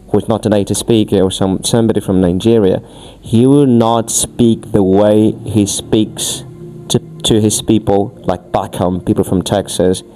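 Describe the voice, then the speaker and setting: This Angolan English teacher, being questioned on a podcast, talks at length with a warm, fairly low voice. His delivery is emphatic, and he often starts his phrases over.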